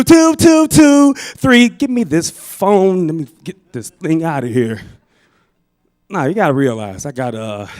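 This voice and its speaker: This St. Louis, Missouri comic works a club stage with an animated stand-up routine, dropping into character voices along the way. He speaks on the high side.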